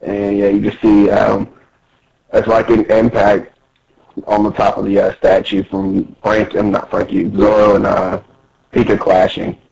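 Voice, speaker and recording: A man co-hosting a podcast, casually reading comic pages aloud with many pauses. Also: fairly low pitch, monotone, creaky, darkish tone, highs cut off, slight background noise. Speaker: podcast co-host.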